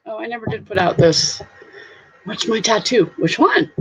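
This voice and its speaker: A woman's voice: fairly high pitch, big pitch swings, normal speed, fairly bright tone. Giggly goofy Southern woman on a live stream. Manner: goofy, giggly, playful sing-song voices. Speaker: live stream host, reseller. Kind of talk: casual live chat reading comments. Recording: slightly dull lo-fi stream audio.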